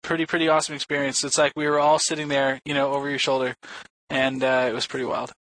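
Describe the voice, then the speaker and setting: A man telling a story in casual podcast chat, excitable and swearing freely. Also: mid-range voice, fast, low-quality recording.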